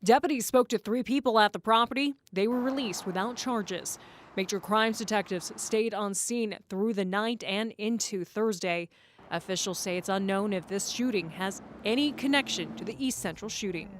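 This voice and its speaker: A woman reporting on a crime story for the local news in a brisk, even way. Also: mid-range voice, slight background noise.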